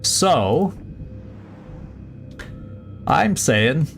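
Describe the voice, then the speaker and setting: A man's voice: fairly high pitch, big pitch swings, drawn-out words, gravelly, fairly bright tone, faint music behind. A man streaming a strategy game, thinking aloud through each move with plenty of fillers and restarts. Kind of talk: casual let's-play commentary.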